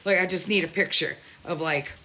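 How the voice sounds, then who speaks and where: Bright, bubbly woman hosting a live chat. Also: on the low side, brisk, a little hiss or hum. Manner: bubbly, chatty, greeting live commenters. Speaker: livestream host. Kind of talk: casual mukbang chat.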